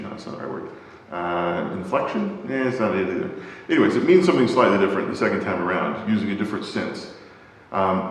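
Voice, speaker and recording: A deep-voiced man leads an adult Bible class in a church, explaining at an easy teaching pace. He hunts for words and fills the gaps with ums and uhs. His voice rings through a large, echoey hall with a long reverb tail. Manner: thoughtful, searches for words, many fillers.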